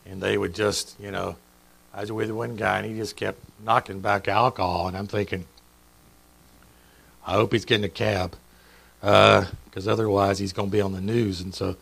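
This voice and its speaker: A man's voice: on the low side, flat delivery, moderate pace, gravelly, fairly bright tone, poor audio. A middle-aged man preaching a sermon in a church, chatty and joking, quizzing the congregation. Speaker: pastor. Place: church sanctuary.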